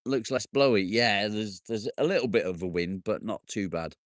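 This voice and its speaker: A man hosts a casual livestream outdoors in his garden, bantering and joking with viewers and swearing now and then. His voice is fairly low and moderately paced, recorded dry at studio quality.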